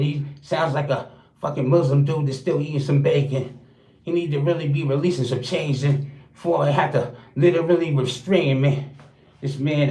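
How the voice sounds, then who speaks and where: A man's voice: medium pitch, a little mellow. Man freestyle rapping in an echoey room. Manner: rhythmic rhyming delivery, crude and boastful. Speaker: livestream host. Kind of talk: freestyle rap roast. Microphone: streaming setup. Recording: roomy echo.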